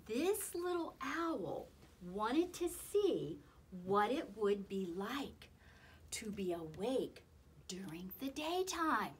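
A woman leading a children's story time, singing and talking slowly in an exaggerated, sing-song way. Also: mid-range voice, a bit bright, husky. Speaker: children's librarian.

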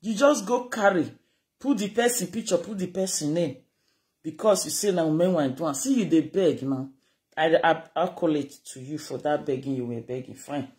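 At a moderate pace and medium pitch, a speaker with a Nigerian accent goes on an animated, scolding rant to camera in a casual style, code-switching between Pidgin and Yoruba.

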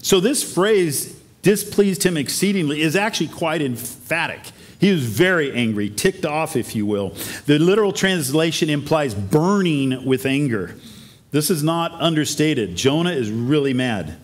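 A man's voice: a little high, expressive, unhurried. Man preaching an earnest sermon. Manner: earnest preaching, rhetorical questions to the congregation. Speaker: pastor. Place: church sanctuary.

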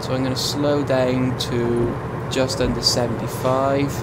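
A man's voice: mid-range voice, level tone, unhurried, heavy background noise. A young man streaming a truck driving game, chatting casually and mocking himself as he drives. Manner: chatty, rambling, self-mocking. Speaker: gaming streamer. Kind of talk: casual live gameplay commentary.

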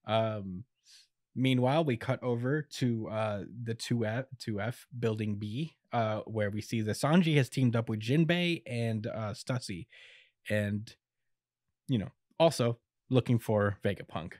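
With a fairly low, slightly mellow voice, this young co-host casually walks through a manga chapter, chuckling often and acting out quotes in short bursts. He uses a podcast microphone, and the studio-quality audio has no echo.

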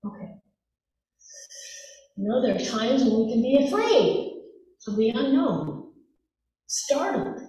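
A woman pastor giving a sermon, telling the story gently and softening to a hush on quoted words. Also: on the high side, sing-song, takes it slowly, long pauses, a little hiss or hum. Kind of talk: sermon retelling a gospel story. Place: church sanctuary. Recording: echoey church hall from far off.

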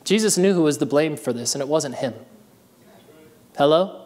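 A man's voice: a little high, lively intonation, normal speed, a little mellow, long reverb tail. A man preaching a sermon as pastor, reading scripture and then calling out to his congregation with building energy. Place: church sanctuary.

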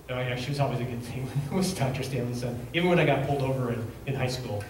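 A man's voice: mid-range voice, racing, hardly any pauses, a little mellow, slight background noise. A middle-aged man from Reno preaching a sermon in a casual, rambling storytelling way, acting out the quotes as he goes. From Reno, Nevada, USA. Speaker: pastor. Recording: very echoey hall, mic at a distance.

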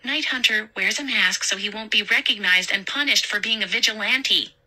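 A woman's voice: mid-range voice, moderate pace, pushed and bright, pitched above the performer's own voice. A woman reading a story aloud and voicing a frightened but brave young mall worker in a raised, urgent voice. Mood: determined. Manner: urgent, breathless, alarmed.

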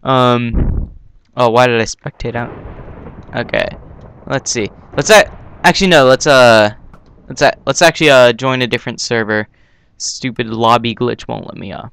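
A young man hosting a gaming channel, giving casual, excitable commentary on his own gameplay with yelps and laughs. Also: medium pitch, moderate pace, creaky, slight background noise.

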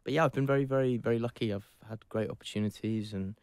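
A man's voice: mid-range voice, quick pace, darkish tone, smooth, dry recording. A Welsh actor in his thirties chatting in an interview, reflective and self-deprecating with many fillers. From Wales. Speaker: actor guest. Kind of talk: casual interview chat.

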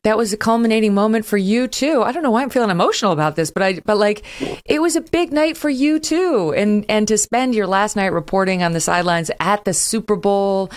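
Expressive woman hosting an interview show. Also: medium pitch, brisk. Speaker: podcast host. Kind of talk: conversational interview.

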